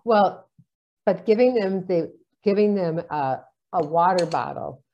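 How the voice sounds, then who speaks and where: A woman's voice: fairly low pitch, animated, unhurried, darkish tone, slight background noise. A woman in casual conversation, chatty, telling stories and acting out the dialogue in them. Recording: dull lo-fi sound.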